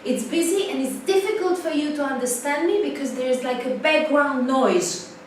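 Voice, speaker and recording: A woman teaching an English class in a lively way, repeating key points for emphasis. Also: high voice, moderate pace. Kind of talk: live class lecture. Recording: distant mic, very echoey room, faint noise.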